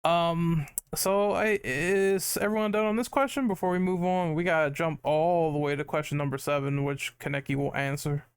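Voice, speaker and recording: A man's voice: a little high, normal speed, hardly any pauses, smooth. A man hosting a casual gaming podcast, talking in an upbeat, rambling way with lots of fillers. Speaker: podcast host.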